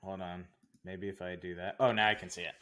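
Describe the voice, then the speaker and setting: A man co-hosting a podcast, a relaxed listener who mostly reacts and asks short questions. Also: low voice, fairly quick. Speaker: podcast co-host. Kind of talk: casual chat.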